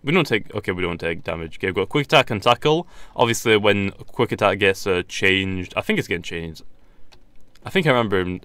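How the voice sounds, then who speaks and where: A young man talks through a game with a slightly hoarse, low voice, rambling and restarting his sentences as he goes. The recording is dry and close, with no room sound around him. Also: a bit bright, no room sound. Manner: rambling, hesitant, frequent restarts and laughs. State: losing his voice. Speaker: gaming YouTuber. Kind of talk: casual gameplay commentary.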